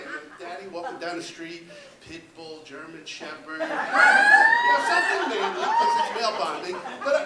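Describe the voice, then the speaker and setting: A man in his fifties doing a stand-up set, halting and full of ums and repeated words, recorded in a club with audience laughter. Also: extremely high pitch, heavy background noise. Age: 50s. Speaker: stand-up comedian. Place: comedy club stage. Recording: roomy club sound from a distance with loud crowd.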